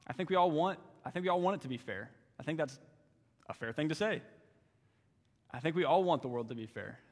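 A man's voice: on the high side, lively intonation, fairly quick, big-room sound. A young man giving a sermon as a youth intern, earnest and fond of repeating phrases for emphasis. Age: young adult. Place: church sanctuary.

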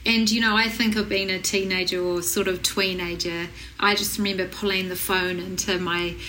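A woman in her forties, a parenting guest, talking earnestly and warmly affirming in casual conversation. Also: medium pitch, little pitch movement, normal speed, slight background noise, poor audio. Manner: earnest, affirming, with short agreeing replies.

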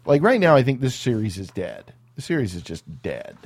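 A man co-hosting a podcast, chatting casually about movies, animated and swearing freely. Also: mid-range voice, a little fast, dry recording. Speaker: podcast co-host.

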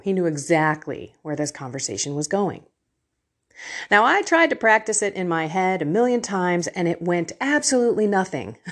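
A middle-aged woman talking candidly and emotionally to an online faith group, with a self-deprecating manner. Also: on the low side. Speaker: faith and life coach.

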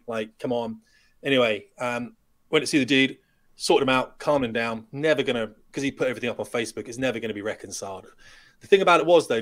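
Fast-talking man telling stories. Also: mid-range voice. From United Kingdom. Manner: lively anecdotes, acts out quoted dialogue. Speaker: podcast guest, retired fighter pilot. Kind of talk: storytelling in a podcast interview.

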